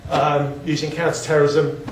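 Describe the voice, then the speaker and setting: A man's voice: fairly high pitch, flat delivery, moderate pace, slight background noise. A man giving a casual slide talk, chatty and self-deprecating, often restarting his sentences. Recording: echoey room, mic at a distance.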